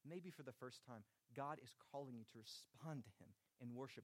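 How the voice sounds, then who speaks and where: A man preaching a sermon, urgent and emphatic, his voice dropping soft and then rising again. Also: medium pitch, brisk, no room sound. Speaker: pastor.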